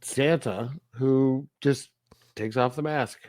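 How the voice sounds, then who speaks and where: Male podcast co-host, casual film banter, mid pitch, dry close mic, laughs often. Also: takes it slowly, darkish tone, no echo. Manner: laughs often, acts out scenes in funny voices. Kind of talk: casual film review chat.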